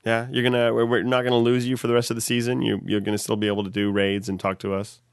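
A man's voice: mid-range voice, flat delivery, fast talker, gravelly, clear, resonant tone, no room sound, studio quality. A man in a casual chat, teasing his co-host and prompting him with questions.

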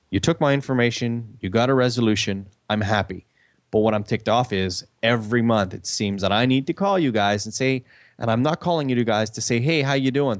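A man's voice: mid-range voice, no room sound. A man telling a story in a casual chat, acting out the quoted dialogue with animation.

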